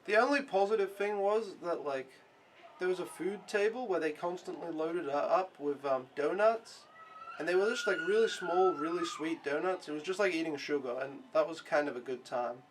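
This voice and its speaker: A man's voice: on the high side, normal speed, background noise. A young man recapping his week in a casual vlog, rambling and frustrated, swearing often and filling gaps with "like". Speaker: au pair vlogger.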